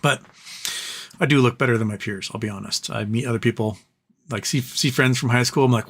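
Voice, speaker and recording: A man's voice: medium pitch, normal speed, pauses often, fairly bright tone, slight background noise. Tired man chatting on a live stream. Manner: chatty, reads viewer comments aloud. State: tired, voice wearing out. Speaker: livestream host reading chat. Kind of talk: casual live-stream chat.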